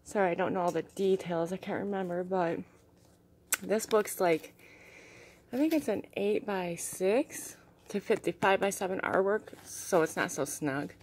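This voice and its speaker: A young woman vlogging casually as she shows her crystals and artwork, gushing and soft-spoken and often dropping to a hushed tone. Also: mid-range voice, normal speed, slight background noise. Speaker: vlogger showing crystals and art. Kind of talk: casual show-and-tell vlog.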